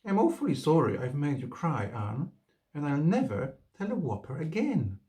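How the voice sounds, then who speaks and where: A man's voice: a little high, huge pitch swings, normal speed, darkish tone. A man voicing a small mischievous boy, frank and then pleading through tears, in a storybook reading.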